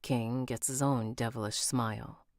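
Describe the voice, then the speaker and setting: Very deep-voiced woman narrating live. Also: steady tone, measured pace, heavy background noise. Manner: reads aloud, breaks off to chat and redo lines. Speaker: audiobook narrator on a live stream. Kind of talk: live-streamed audiobook reading.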